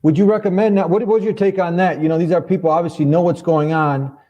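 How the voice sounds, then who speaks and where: A man's voice: a little high, steady tone, fast talker, dark tone, highs cut off, soft background music. Man hosting, conversational and affirming. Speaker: host. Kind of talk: interview questions.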